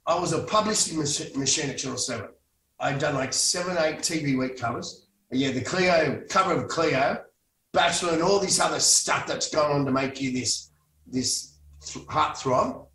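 A man's voice: fairly high pitch, moderate pace, a bit bright. A man, a former actor, telling stories in a casual interview, rambling with many restarts and the odd swear word. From Australia. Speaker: guest, former soap actor. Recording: echoey room, distant mic, faint noise.

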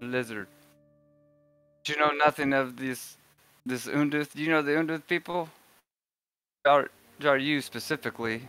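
Male player, bright forward tone, halting delivery with lots of fillers. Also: a little high, steady tone, smooth, no room sound, soft background music. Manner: halting, filler-heavy, laughing. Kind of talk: tabletop role-play, in and out of character.

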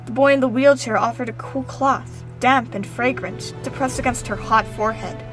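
Woman reading a story, high voice. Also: faint music behind, poor audio. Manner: calm, measured storytelling. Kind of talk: audiobook story narration.

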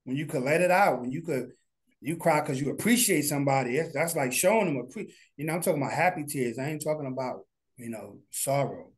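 Talking fast in a fairly high voice, this studio founder is being interviewed as a guest. His manner is casual, earnest and heartfelt, and he rambles, frequently starting sentences over.

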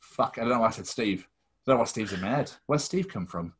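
A man's voice: medium pitch, lively intonation, quick pace, slightly rough. A man co-hosting a podcast in casual chat, rambling and swearing freely. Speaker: podcast co-host.

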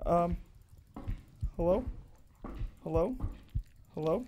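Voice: medium pitch, moderate pace. A streamer giving live horror game commentary, panicky and swearing, muttering reassurances to themself. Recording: noisy game ambience behind.

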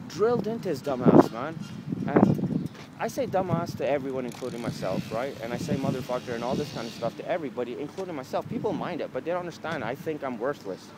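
A man, ranting to the camera in a rambling, profane, casual way while outdoors in a city. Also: a little high. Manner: profane, rambling, lively delivery. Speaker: vlogger. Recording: street noise behind.

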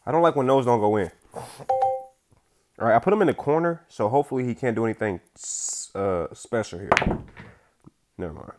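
A young man giving casual gameplay commentary, using slang and swinging between hushed focus and loud outbursts. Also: medium pitch, sing-song, moderate pace, pauses often, noisy background. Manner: casual slang, says bro and y'all. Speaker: gaming YouTuber.

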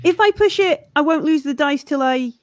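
A woman playing a tabletop role-playing game, talking through her moves in a casual, unhurried way. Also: sits high, animated. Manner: unhurried, laughs often. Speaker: player.

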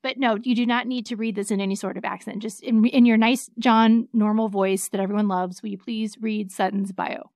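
A woman's voice: medium pitch, fairly even intonation, brisk, hardly any pauses, darkish tone, dry recording, studio quality. A woman attorney hosting a podcast in casual chat, with a faint Southern accent. She laughs easily and keeps steering her co-host back on track.

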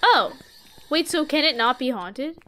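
A woman's voice: sits high, animated, measured pace, fairly bright tone. A woman streamer chatting playfully while playing a ghost-hunting game, teasing and giggling. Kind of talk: casual gaming chat.

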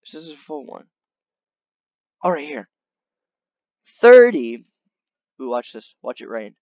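A man giving casual, excitable gameplay commentary, chatting along and talking to the animals on screen. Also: mid-range voice, slow, no echo, muffled recording. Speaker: gaming video creator.

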